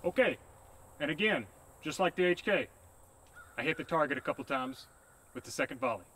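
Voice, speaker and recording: A man's voice: a little high, expressive, a little fast, sharp tone, a little hiss or hum. A man hosting a casual outdoor shooting vlog, hot and sweaty, talking in a laid-back, joking, plain-spoken way. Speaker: firearms video host.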